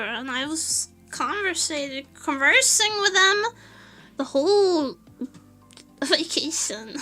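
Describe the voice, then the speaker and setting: A Portuguese woman streaming a casual chat, telling an animated story with frequent laughter and swearing. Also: sits high, slow pace, soft background music. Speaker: VTuber streamer.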